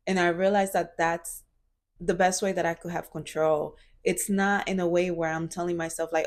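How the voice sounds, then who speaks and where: Woman, twenties, lowish voice, earnest reflective vlog talk with fillers. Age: 20s. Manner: earnest, searching, many fillers and restarts. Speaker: vlogger.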